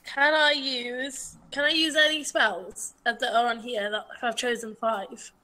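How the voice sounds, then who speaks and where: A woman takes part in a tabletop game, asking about her options. Her voice sits high and sounds bright and clear. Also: fairly even intonation, measured pace, rough recording. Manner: asks questions about the rules. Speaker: player. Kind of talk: casual tabletop game play.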